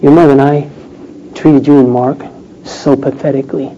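A man's voice: mid-range voice, moderate pace. A middle-aged man telling a personal story in a sermon, acting out the people he quotes. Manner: animated storytelling, acts out quoted voices. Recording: dull lo-fi recording with faint noise.

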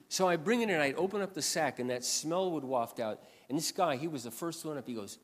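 A man preaching a sermon in a storytelling way, animated and swinging between loud passages and quiet asides. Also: fairly high pitch, brisk, in a large hall. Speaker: pastor.

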